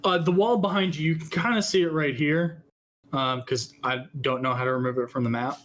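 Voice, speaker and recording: A man narrating as dungeon master in a tabletop game, halting with many ums and restarts. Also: fairly high pitch, fairly even intonation, fairly bright tone.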